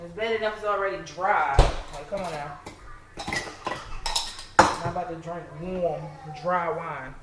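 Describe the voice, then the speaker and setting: A woman chats and jokes at her own expense while she cooks, talking straight to camera in a relaxed, self-mocking way. The sound is an echoey home kitchen with steady background noise. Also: fairly low pitch, a little slow, pauses often. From Maryland. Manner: chatty, joking, self-mocking. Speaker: home cooking vlogger. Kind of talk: casual cooking chat to camera.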